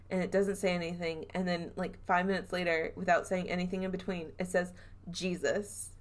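A woman with a Southern US accent hosting a podcast, telling a spooky story in a chatty, animated way and acting out quotes. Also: on the low side. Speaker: podcast host. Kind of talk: casual storytelling chat.

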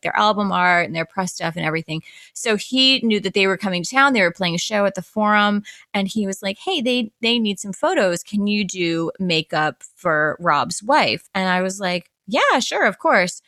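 A woman hosting a casual podcast, telling animated stories and acting out quotes, talking like a makeup artist chatting with a friend. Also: medium pitch, moderate pace, hardly any pauses, no echo. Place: Los Angeles.

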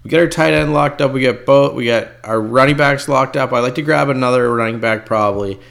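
A man calls his own fantasy football draft in a loose, excitable way, chatting to viewers between picks. His voice has a gravelly rasp at a middle pitch, and he swears when a pick slips away. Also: fairly quick. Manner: excitable, talks to viewers as folks, swears under pressure. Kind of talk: casual live draft commentary.

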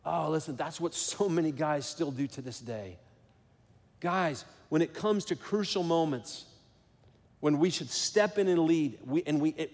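A man's voice: fairly high pitch, darkish tone, long reverb tail. A middle-aged man preaching a sermon as pastor, telling a personal story earnestly and building to emphatic calls to action.

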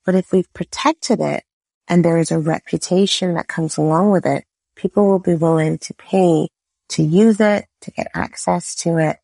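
Gravelly low-voiced woman lawyer. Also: steady tone, moderate pace, dark tone, no echo. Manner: explains with everyday analogies, frequent "right?". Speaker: business lawyer guest. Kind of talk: podcast interview.

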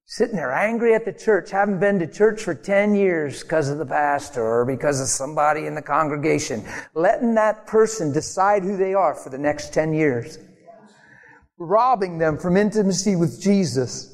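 A man preaching a sermon in a storytelling way, animated, laughing often and acting out the voices of the people in his stories. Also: on the high side, normal speed, long reverb tail.

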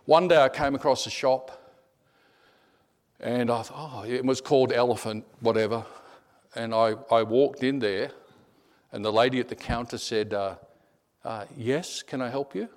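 A middle-aged man delivers a sermon built on personal stories. He swings between animated telling and hushed, almost whispered moments, often repeating words as he goes. His pitch sits in an ordinary middle range. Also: moderate pace, pauses often. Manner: animated storyteller, repeats words, drops to a hush. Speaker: preacher.

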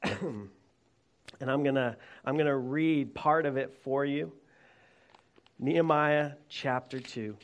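A man's voice: medium pitch, slow, pauses often. A man preaching a sermon to his congregation, talking conversationally and joking with them. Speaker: pastor. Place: church.

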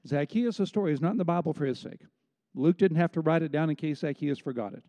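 A man's voice: fairly high pitch, lively intonation, brisk, warm tone. A middle-aged man preaching a sermon, explaining a Bible story with asides to the congregation. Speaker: pastor. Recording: long hall reverb.

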